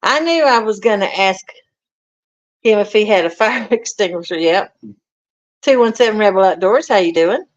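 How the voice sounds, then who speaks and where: A woman's voice: mid-range voice, expressive, moderate pace, long pauses. A woman hosting a casual livestream from a home kitchen, greeting viewers and reading out their comments in a folksy, chatty way. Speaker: livestream host. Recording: dull lo-fi stream audio.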